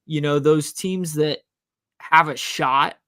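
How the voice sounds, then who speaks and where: Man, podcast co-host, rambling casual talk, fairly high voice, dry close sound. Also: steady tone, takes it slowly, sharp tone, smooth, no echo. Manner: rambling, frequent restarts and fillers. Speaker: college professor, podcast co-host. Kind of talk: casual sports betting podcast chat.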